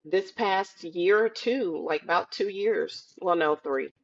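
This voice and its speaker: A woman guest on a podcast, chatting casually and telling lively stories, acting out the voices of the people she quotes. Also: lowish voice, slow, dull audio. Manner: animated storytelling, acts out quoted voices. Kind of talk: casual chat. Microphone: video call.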